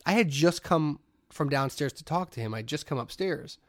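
A man's voice: fairly high pitch, moderate pace, dry recording, clean studio sound. A man in his thirties, co-hosting a podcast and telling a story with swearing, laughter and acted-out voices. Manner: animated storyteller, acts out quoted voices, swears, laughs often. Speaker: podcast co-host. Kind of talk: casual storytelling chat. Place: brewery.

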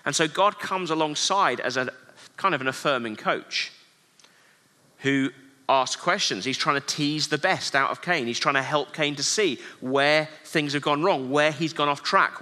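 A man delivering an earnest sermon full of rhetorical questions. His voice is bright and somewhat high for a man, ringing with the long reverb of a large hall. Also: unhurried. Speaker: preacher.

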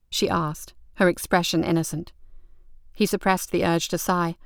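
A woman narrates a novel with measured, even storytelling. Her voice sits low and smooth, recorded dry and close. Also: no echo. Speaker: audiobook narrator. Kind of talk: scripted narration.

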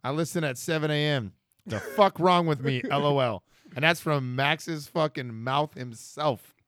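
Fairly high-voiced man, swearing storyteller. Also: measured pace, a bit bright, no echo, clean studio sound. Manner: profane, storytelling. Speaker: podcast co-host. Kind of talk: casual chat.

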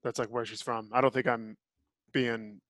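A man's voice: medium pitch, flat delivery, moderate pace, a bit bright. A man hosting a podcast, giving blunt, opinionated reviews in casual chat. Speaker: podcast host.

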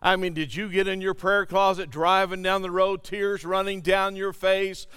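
High-voiced preaching man, church reverb. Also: level tone, moderate pace, a bit bright, smooth. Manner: emphatic, calls out to the congregation. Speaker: pastor. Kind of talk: sermon.

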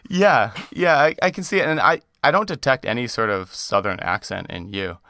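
A man's voice: medium pitch, expressive, moderate pace, bright, forceful tone, no room sound, clean studio sound. A Canadian man hosting a podcast, chatting casually with lots of fillers. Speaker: podcast host. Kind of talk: casual chat.

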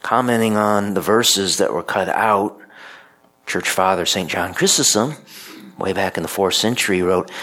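A male priest reading scripture aloud and then preaching a homily in a measured, deliberate way. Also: low-pitched, pushed and bright, low-quality recording.

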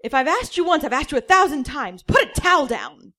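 A prim, flustered man frets and scolds, his voice pushed up high and loud. A woman reads him aloud. He sounds hurt under the fussing. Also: big pitch swings, brisk, full character voice. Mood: fussy. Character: flustered uptight dad-type man.

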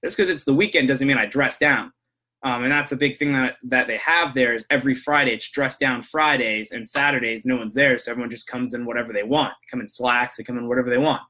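A man's voice: mid-range voice, fairly even intonation, fast talker, bright, forceful tone. A man hosting a podcast, telling work stories in a casual, rambling way with many restarts, then turning earnest and motivational. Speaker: podcast host. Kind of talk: casual monologue, storytelling about work calls.

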